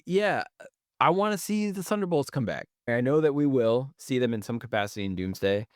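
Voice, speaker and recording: A man's voice: medium pitch, lively intonation, brisk, dry recording, clean studio sound. A man co-hosting a casual review podcast, easygoing and jokey with candid opinions. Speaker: podcast co-host.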